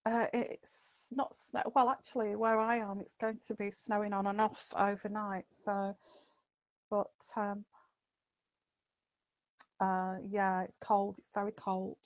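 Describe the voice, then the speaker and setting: A woman chats on a psychic livestream and greets her viewers one by one. She rambles loosely and fills her pauses with ums and uhs. Her voice sits at an ordinary pitch and sounds dry and close to the mic. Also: level tone, no room sound. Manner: chatty, greets viewers by name, many fillers. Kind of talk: casual livestream chat.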